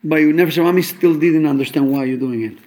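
Animated high-voiced man teaching Torah. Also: quick pace. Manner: animated, explains with homely examples; mixes English with Hebrew and Yiddish terms. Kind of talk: fabrengen talk on Chassidic teachings.

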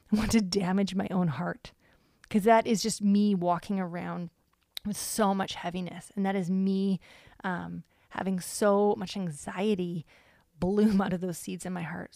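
A woman's voice: mid-range voice, creaky, a little mellow, no room sound, clean studio sound. Earnest woman hosting a faith podcast. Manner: earnest and conversational, with frequent ums. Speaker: podcast host. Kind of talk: faith-based devotional podcast talk.

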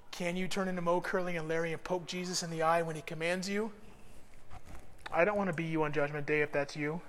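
A middle-aged man preaching a sermon, telling stories with animated swings between soft and loud delivery. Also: on the high side, big-room sound, a little hiss or hum. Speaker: pastor.

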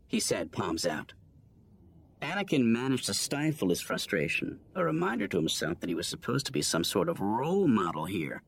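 A man narrates a storybook with a lively, wide-ranging pitch that rises and falls through each sentence. His delivery is expressive and theatrical, leaning into every line. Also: normal speed, gravelly. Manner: expressive, shifts pitch for voices. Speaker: audiobook reader. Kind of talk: storybook narration with character voices.

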